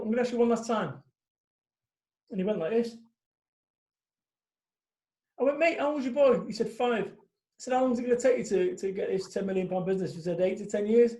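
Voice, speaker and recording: A man's voice: very high voice, warm tone. A man in his forties, a guest speaker talking bluntly and animatedly in a casual interview, swearing freely. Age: 40s. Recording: echoey room.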